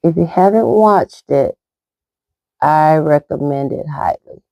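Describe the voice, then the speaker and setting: Slow, mellow-voiced woman chatting. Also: sits low, no echo. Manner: rambling, chatty, talks while applying makeup. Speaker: makeup vlogger. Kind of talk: casual makeup tutorial chat.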